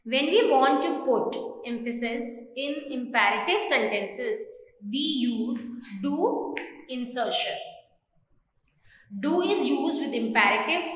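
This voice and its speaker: A woman with an Indian accent teaches a grammar class at a very slow, deliberate pace. Her voice sits a little high, and every point is laid out step by step. The room rings with heavy echo and a long reverb tail. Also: fairly bright tone. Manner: slow, careful explaining. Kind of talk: grammar lesson.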